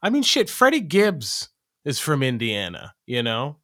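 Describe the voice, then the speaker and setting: A man's voice: mid-range voice, huge pitch swings, measured pace, a bit bright, dry recording, clean studio sound. A man from Oregon in casual chat, loose and profane, often repeating words as he starts a thought.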